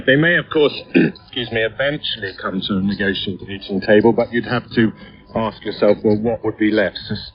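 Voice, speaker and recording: A man analyses the news for a radio audience and pauses to rephrase now and then. His voice sits low. The broadcast is muffled shortwave radio. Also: breathy edge. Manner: explanatory, with hesitations. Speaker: regional editor.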